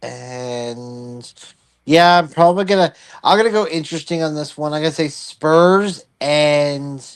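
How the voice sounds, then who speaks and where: A man's voice: fairly high pitch, a little slow, clean tone. A man co-hosting a casual sports talk show, thinking aloud with frequent restarts and fillers. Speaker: podcast co-host.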